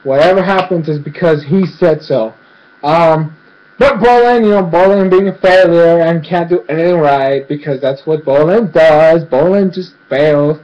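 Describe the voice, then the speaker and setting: A man's voice: on the high side, darkish tone, muffled recording. A man casually recapping a cartoon episode, rambling with lots of fillers and acting out the characters' lines. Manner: rambling, filler-heavy, acts out quotes.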